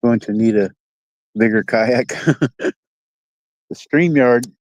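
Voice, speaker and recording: A man's voice: medium pitch, takes it slowly, no room sound, rough recording. A man with a Midwestern American accent chatting casually to his live-stream viewers while fishing outdoors by a dock, rambling and folksy, reading out comments. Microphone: phone.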